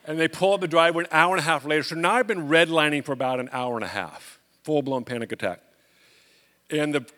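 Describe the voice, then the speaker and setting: A man preaching as a pastor, telling a personal story and acting out the dialogue with lively energy. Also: fairly high pitch, long reverb tail. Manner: animated storyteller, acts out dialogue. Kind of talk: storytelling sermon.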